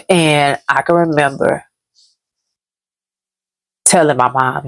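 Grieving woman with a gravelly voice. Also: deep voice, steady tone, extremely slow, long pauses, fairly bright tone, no echo. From Dallas, Texas. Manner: heavy, repetitive, grief-laden retelling. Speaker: vlogger. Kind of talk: emotional story time.

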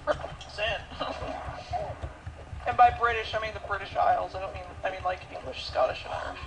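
A woman's voice: mid-range voice, fairly even intonation, a little fast. A woman gaming with friends, tossing off sarcastic jokes and casual swearing. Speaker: let's play player. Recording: noisy mic with clear hiss.

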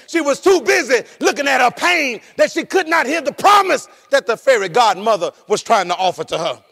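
A man preaches in a high, gravelly voice with plenty of fry. He tells the story like an animated preacher, laughing along the way. He swings from shouted peaks down to low, quiet asides. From rural United States. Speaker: pastor. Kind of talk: sermon.

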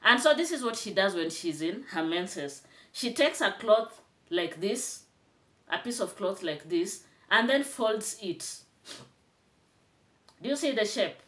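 Kenyan woman, young adult, Kenyan accent, vlog commentary, bright tone, chatty and scolding. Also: medium pitch, lively intonation, unhurried. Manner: chatty, rising to indignant scolding. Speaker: vlogger.

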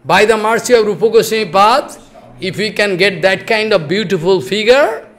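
A man giving a devotional discourse in broken English, animated and full of rhetorical questions. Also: high-pitched, moderate pace. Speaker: preacher. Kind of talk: Harikatha discourse.

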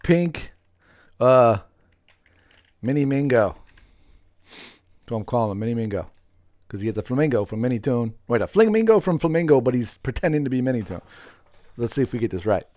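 An excitable man commentating a live game stream, calling out to viewers and laughing between tasks. His voice sits at a middle pitch and sounds close and dry, with keyboard typing in the background. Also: normal speed, long pauses, no echo.

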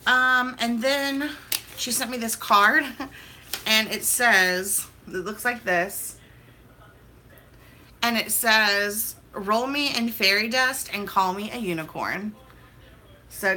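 A woman's voice: fairly high pitch, bright, forceful tone, slight background noise. A young woman vlogging as she opens mail, talking in a hyper, chatty, gushing way. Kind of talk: casual mail-opening vlog.

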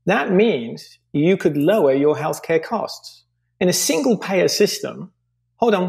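A man with a fairly high, gravelly voice makes his point with earnest conviction. He lays out figures one after another as a guest in a conversational podcast interview. His tone stays persuasive and focused throughout. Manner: earnest, pitching with figures and examples. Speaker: podcast guest, company founder.

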